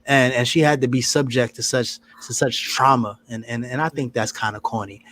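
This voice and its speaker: A man's voice: mid-range voice, fairly even intonation, normal speed, slight background noise. A man co-hosting a casual news podcast, talking in a rambling way and repeating words as he goes. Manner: rambling, repeats words, gives shout-outs. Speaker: podcast co-host. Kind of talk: casual chat.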